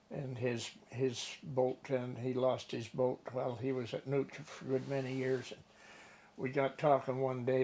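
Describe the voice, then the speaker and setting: A man's voice: medium pitch, a little mellow. An older man rambling through casual stories as an interview guest, folksy and swearing offhand. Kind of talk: casual storytelling.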